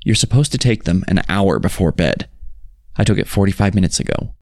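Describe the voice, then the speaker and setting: Male narrator, very low voice, dry close sound, somber horror reading. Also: brisk, gravelly, a little mellow, dry recording. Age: 60s. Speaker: story narrator. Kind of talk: scripted narration of a horror story.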